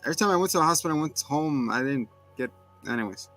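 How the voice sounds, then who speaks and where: Animated man recapping a show. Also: quick pace, faint music behind. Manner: animated, acts out characters in bursts of high voices; laughs often, swears casually. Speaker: podcast co-host recapping a TV episode. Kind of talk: casual chat.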